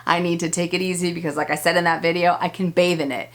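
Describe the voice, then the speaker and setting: A woman's voice: on the low side, little pitch movement, fast talker. A woman in her thirties giving a casual, chatty product review as a vlogger, enthusiastic and full of fillers. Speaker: beauty vlogger.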